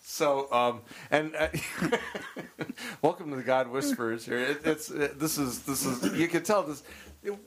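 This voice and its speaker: A man hosting a chat podcast, teasing and halting with many restarts. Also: a little high. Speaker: podcast host. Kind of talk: casual chat.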